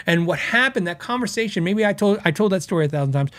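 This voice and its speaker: Fast and animated, a man whose voice sits high and sounds fairly bright hosts a podcast and reads viewer comments in a casual chat. He rambles conversationally, restarting himself and acting out quotes.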